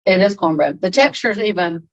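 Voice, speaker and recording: A chatty woman hosts a relaxed podcast, laughing easily as she talks. Her voice sits at an ordinary pitch. It is recorded dry and slightly dull. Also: moderate pace, dry recording. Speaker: podcast host. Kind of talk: casual chat, taste-testing.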